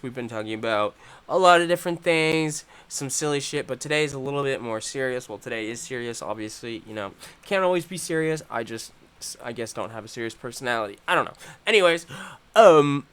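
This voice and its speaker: A young man hosting a live stream, talking in a profane, rambling way that swings from loud angry ranting to low, muttered talk. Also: clear, resonant tone. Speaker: channel host.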